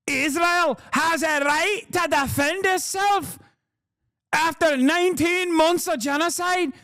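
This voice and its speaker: A man voicing a shrill, over-the-top caricature of an angry man in a mocking sing-song delivery. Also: takes it slowly, pushed and bright, no room sound, studio quality, full character voice. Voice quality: shrill and squeaky.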